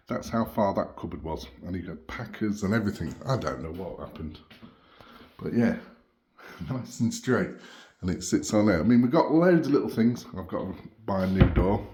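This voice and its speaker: A man's voice: low-pitched, animated, normal speed, dark tone, a little hiss or hum. A man chatting casually in a home renovation vlog, laid-back, often chuckling. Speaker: vlogger renovating a house. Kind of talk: casual vlog chat to camera. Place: outdoors on a rural property and indoors in a small kitchen.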